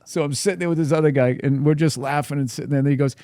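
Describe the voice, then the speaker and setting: A man's voice: a little high, very fast. A comedian guest telling a long, profane story on a podcast, laughing as he goes. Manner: profane, animated, laughs through his story.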